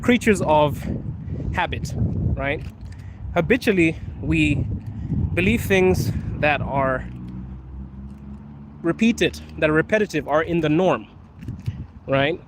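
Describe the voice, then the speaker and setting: A man's voice: on the high side, lively intonation, slow, pauses often. A man casually chatting on a live stream, answering viewer questions, laughing often and calling viewers bro. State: coughing from allergies. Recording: faint street and traffic noise.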